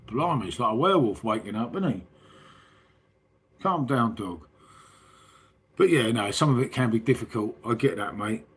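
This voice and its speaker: A man's voice: mid-range voice, animated, normal speed, pauses often, slight background noise. A man with a southern English accent, chatting casually and rambling to his livestream viewers, full of tag questions and "mate". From southern England. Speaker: livestream host. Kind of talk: casual chat with live chat.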